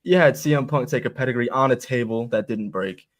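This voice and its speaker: A man's voice: mid-range voice, a little fast, no room sound, studio quality. A man co-hosting a wrestling podcast, blunt and profane, often stumbling over restarts. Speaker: podcast co-host. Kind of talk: casual wrestling chat.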